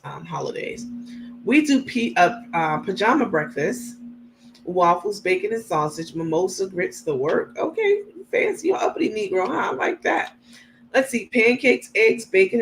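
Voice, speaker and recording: A woman from New York City hosting a casual livestream. She chats and reads out viewer comments in a relaxed, frank way, laughing easily and using many ums. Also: on the low side, slight background noise. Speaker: livestream host.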